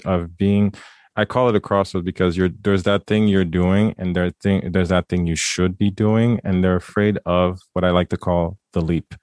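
A man's voice: sits low, a little mellow, no room sound. A man hosting a podcast interview, asking long, wordy, encouraging questions. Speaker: podcast host.

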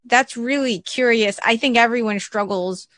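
A woman's voice: fairly high pitch, moderate pace, fairly bright tone, no echo. A woman hosting a casual interview, curious and upbeat, steering the chat with questions.

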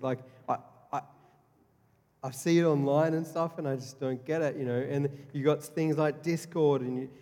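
Earnest pastor in a reverberant hall. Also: male voice, fairly high pitch, warm tone. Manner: earnest, repeats key phrases, frequent restarts. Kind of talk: sermon. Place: church hall. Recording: long reverb of a church hall.

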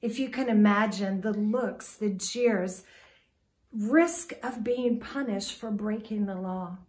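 Slow-paced woman preaching. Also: medium pitch. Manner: dramatic storytelling, swinging from loud to hushed. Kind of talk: sermon.

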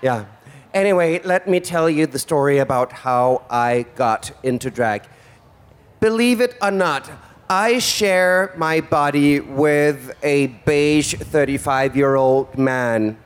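A man in drag hosts a stage comedy show before a live audience, his voice a little high, smooth and slow. His campy stand-up is flamboyant and theatrically teasing.

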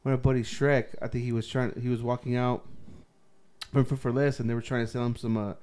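Man telling a story in a low-key way. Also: little pitch movement, brisk, a little mellow, clean tone. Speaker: podcast co-host. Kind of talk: casual storytelling chat.

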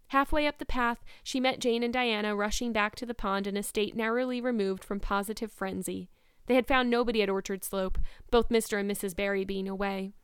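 A woman narrating a novel aloud in an expressive, reflective way, then musing on the chapter. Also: mid-range voice, smooth, dry recording, studio quality. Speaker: reader of a novel. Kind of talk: storybook narration and commentary.

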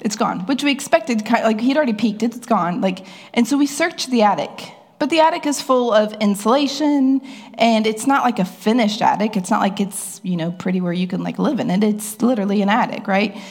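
A woman's voice: a little fast, darkish tone. A woman preacher telling a personal story to her church in a chatty way. She asks the crowd questions and acts out voices. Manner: acts out voices with rising pitch. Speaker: pastor. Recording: long hall reverb.

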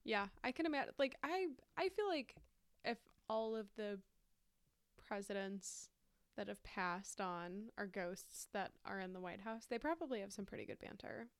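A woman's voice: mid-range voice, lively intonation, moderate pace, dry recording. A woman co-hosting a podcast in casual chat, easygoing and chatty, with amused reactions. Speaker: podcast co-host.

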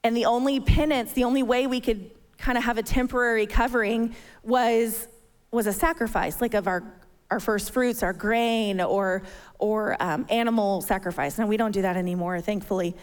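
A woman's voice: fairly high pitch, steady tone, normal speed, smooth. A woman in her thirties giving a sermon, telling a personal story and acting out her own panic. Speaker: church speaker. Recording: long hall reverb.

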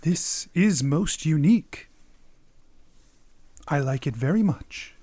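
A man plays a solemn masked woman, slow and measured, speaking in riddles with quiet gravity. Her voice sits a little high for a man and sounds dry and close. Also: expressive, dry recording. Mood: calm. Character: calm, solemn masked woman of a wandering family.

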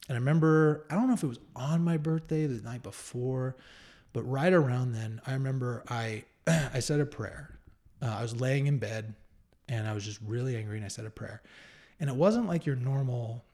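A man's voice: medium pitch, normal speed, warm tone. A man in his thirties earnestly telling a personal story as an interview guest, reflective and candid. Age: 30s. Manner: earnest, reflective, with fillers and restarts.

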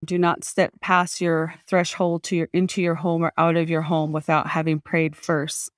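A woman speaks fondly of her mother in a smooth, clear voice. She laughs easily and stops now and then to find her words. The sound is dry and close. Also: low-pitched, level tone, no room sound. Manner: warm, laughs often, pauses to recall. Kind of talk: personal reflection.

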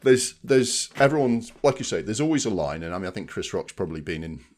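A man with a deep, low-pitched voice talks casually as a podcast co-host. He rambles a little and keeps checking in with his listener. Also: very animated, fast, a little mellow. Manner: chatty, frequent "do you know what I mean". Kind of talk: casual chat.

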